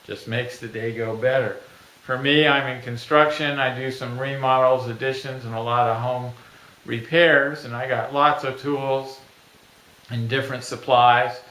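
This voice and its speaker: A middle-aged man pitching his own invention in a plain, folksy way, acting out little everyday scenes. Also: steady tone, a little slow, fairly bright tone. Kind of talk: product pitch video. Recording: echoey room.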